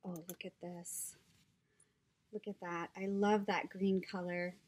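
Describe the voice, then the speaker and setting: A middle-aged woman chatting casually as she opens crafting mail, gushing and excitable, often dropping into whispers. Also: fairly low pitch, takes it slowly. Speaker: crafter opening happy mail. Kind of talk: casual unboxing chat.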